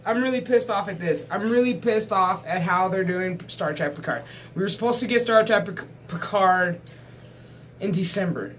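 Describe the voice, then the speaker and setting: A man's voice: high voice, moderate pace, a bit bright, slight background noise. A man in his thirties, hosting his gaming channel, rants in a casual, profane monologue and talks with exasperated emphasis. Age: 30s.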